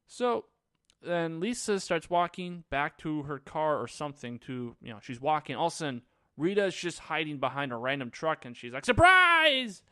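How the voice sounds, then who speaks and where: A man's voice: fairly high pitch, expressive, normal speed, fairly bright tone, smooth, no room sound, studio quality. A man casually recapping a movie on his own, rambling and sarcastic. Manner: rambling, sarcastic, lots of fillers. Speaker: movie reviewer.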